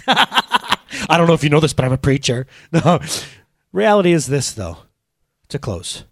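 A middle-aged man preaching a sermon, telling playful stories with loud bursts of excitement. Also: fairly high pitch, no room sound, studio quality. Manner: animated, playful storytelling with bursts of loud exclamations. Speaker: pastor.

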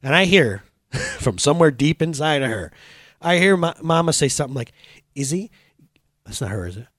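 Animated man preaching a lively sermon. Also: a little high, normal speed, no echo, studio quality. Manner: animated, playful storytelling with bursts of loud exclamations. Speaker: pastor.

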